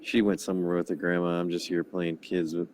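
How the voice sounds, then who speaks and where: A man with a very low, deep voice chats into a phone from someone's house. He talks haltingly, stumbling through fillers and restarts. Faint noise hangs in the background. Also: little pitch movement, a little mellow. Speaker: chat participant. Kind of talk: casual online hangout chat. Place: girlfriend's grandmother's house.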